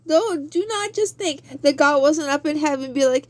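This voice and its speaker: A woman's voice: sits high, measured pace. A woman hosting a casual Bible study, talking in a conversational way and building to fervent, preachy exhortation. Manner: conversational with fillers.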